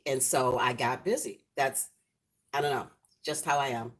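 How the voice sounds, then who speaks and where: A woman's voice: very deep voice, normal speed. A middle-aged woman hosting a casual home cooking livestream, chatting affectionately with viewers in the comments. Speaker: cooking channel host. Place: home, lit by a ring light.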